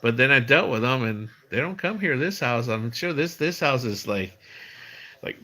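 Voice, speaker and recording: A man's voice: mid-range voice, lively intonation, normal speed, pushed and bright. A middle-aged man hosting his own livestream, telling stories in a loose, rambling way with many restarts. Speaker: livestream host. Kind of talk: casual livestream chat.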